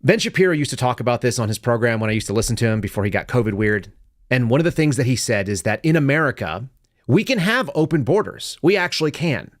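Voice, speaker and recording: A middle-aged man hosting a live political commentary show, sarcastic and animated, dropping to a low mutter and then rising into loud outbursts. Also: fast, no echo, studio quality. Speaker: podcast host.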